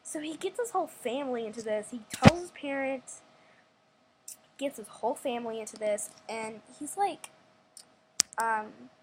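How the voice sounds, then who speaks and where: High-voiced young female storyteller rambling. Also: normal speed, long pauses, heavy background noise. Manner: rambling, restarts often, acts out quotes. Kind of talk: casual storytime vlog.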